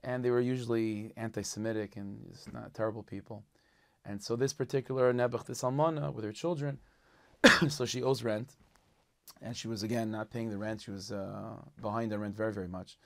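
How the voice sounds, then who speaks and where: Rabbi storyteller, low gravelly voice, animated and conversational. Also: male voice, brisk. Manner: animated, conversational, peppered with religious terms. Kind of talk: casual spoken storytelling.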